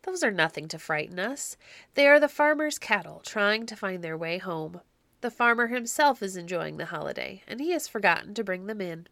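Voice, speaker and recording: A woman's voice: mid-range voice, expressive, normal speed, vocal fry, fairly bright tone, no room sound. A woman voicing a scornful, overconfident male castle watchman in a storybook reading, brushing off every worry. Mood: scoffing.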